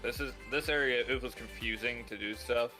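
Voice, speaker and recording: A man's voice: mid-range voice, fairly even intonation, normal speed, bright, forceful tone, faint music behind. A man with a Southern US drawl chatting casually and making dry, brief remarks. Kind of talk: casual chat.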